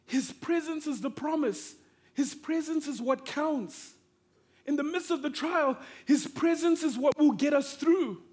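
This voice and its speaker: A man from Africa preaching a sermon through a personal story, animated and swinging between hushed tones and excited shouting. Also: very high-pitched.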